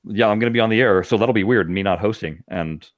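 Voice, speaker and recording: A man's voice: fairly low pitch, fast talker, dry recording, clean studio sound. A man hosting a podcast, chatting casually and animatedly, with frequent laughs. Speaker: podcast host. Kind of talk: casual chat.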